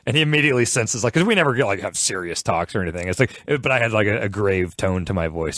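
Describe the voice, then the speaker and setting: A young man co-hosting a podcast, telling a story in a casual, animated way, laughing often. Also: lowish voice, no room sound. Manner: animated, laughing, quick shifts into quoted voices. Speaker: podcast co-host.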